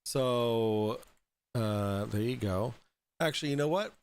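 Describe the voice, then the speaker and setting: A man hosting a casual livestream, drunk and high, rambling and halting over fillers as he talks. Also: a little mellow, smooth. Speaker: host.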